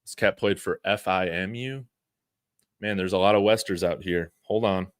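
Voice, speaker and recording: Casual low-voiced male sports streamer. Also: moderate pace, clean tone, no echo, studio quality. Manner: relaxed, rambling, frequent fillers and chuckles. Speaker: sports channel host. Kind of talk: casual live-stream chat reading super chats.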